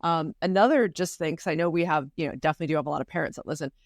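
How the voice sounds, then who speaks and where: Woman podcast co-host, blunt casual chat, slightly low voice, dry sound. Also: racing, dry recording. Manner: blunt and swearing, laughs easily.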